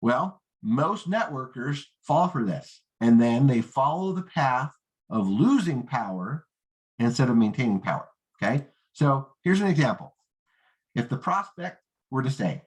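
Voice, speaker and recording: A man confidently teaches a network marketing coaching lesson, peppering his talk with "right?" and "okay?" to check in. He acts out rookie and prospect lines in a higher voice. His delivery is sing-song at a measured pace.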